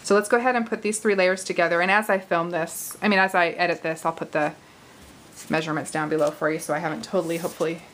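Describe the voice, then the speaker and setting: A woman's voice: on the low side, steady tone, fast talker, fairly bright tone, a little hiss or hum, poor audio. Chatty woman showing a craft project. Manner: chatty, laughs easily, thinks aloud while working. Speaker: craft video host. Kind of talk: casual card-making tutorial.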